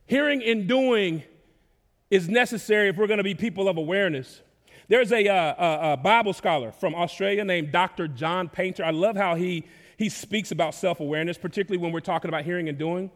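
A man from Dallas, preaching a sermon in a relaxed, conversational way, with casual slang and sudden rises in volume. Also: high voice, a little fast. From Dallas, Texas. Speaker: pastor. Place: church sanctuary. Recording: long reverb of a large hall.

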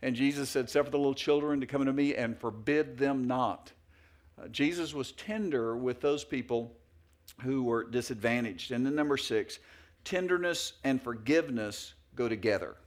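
A man's voice: mid-range voice, normal speed. A middle-aged male pastor preaching a sermon in a folksy, anecdotal way with many fillers and restarts.

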